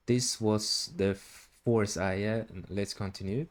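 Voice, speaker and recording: A man's voice: on the low side, slow, darkish tone. A man teaching Quran recitation step by step, patiently repeating syllables and drawing out the recited words. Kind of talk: step-by-step tajweed lesson.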